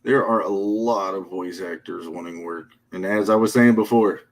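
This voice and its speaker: A man's voice: sits low, moderate pace. A man hosting a game development livestream, chatting in a laid-back, upbeat way. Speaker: game developer and stream host. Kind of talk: casual livestream chat.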